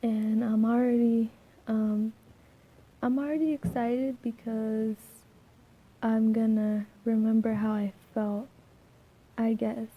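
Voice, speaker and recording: Soft-spoken young woman, scratchy voice. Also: fairly high pitch, level tone, slow, pauses often, phone-quality sound. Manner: rambling, many fillers and restarts. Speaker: vlogger. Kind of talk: casual vlog chat.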